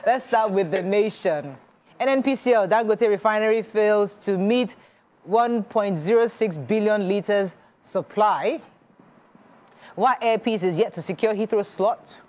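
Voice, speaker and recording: A woman co-hosting a morning TV show, chatting and reading out headlines slowly and deliberately. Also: mid-range voice, a little mellow. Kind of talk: breakfast TV chat and paper review.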